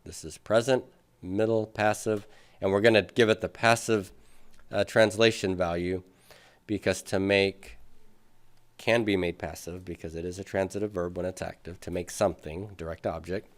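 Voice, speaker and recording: A man's voice: sits low, fairly even intonation, moderate pace. A man teaching a Greek grammar class, patiently working through examples at the board and asking his students questions. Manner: patient, thinks aloud with many fillers, asks students questions. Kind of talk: classroom lecture.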